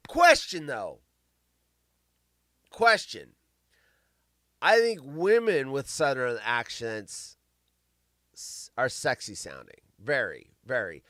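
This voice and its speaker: A man's voice: medium pitch, very animated, slow, fairly bright tone, no echo. A man hosting a casual chat show, reading news stories aloud with rambling jokes and stumbles. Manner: rambling, joking, stumbling over words while reading. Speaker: show host.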